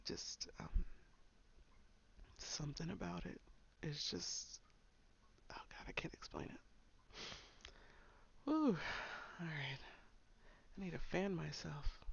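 Giggly, gravelly young woman chatting slowly. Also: lowish voice. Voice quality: frequent giggles, breathy whispered asides. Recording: slightly dull lo-fi sound.

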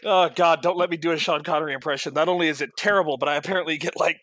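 A man's voice: fairly high pitch, fairly even intonation, racing, a bit bright. A man co-hosting a casual podcast, joking loosely with crude humor. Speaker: podcast co-host. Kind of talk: casual chat.

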